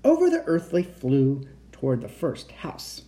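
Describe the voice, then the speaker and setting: A man reading a children's picture book aloud as a bedtime storyteller, expressive and animated. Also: mid-range voice, a little slow, slight background noise.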